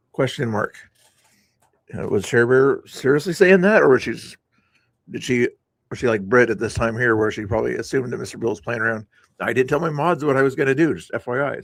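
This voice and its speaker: A man's voice: medium pitch, creaky, no echo. A man reviewing his own stream, talking casually in a rambling way, repeating words and restarting sentences, with sarcastic asides. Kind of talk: casual commentary over stream playback.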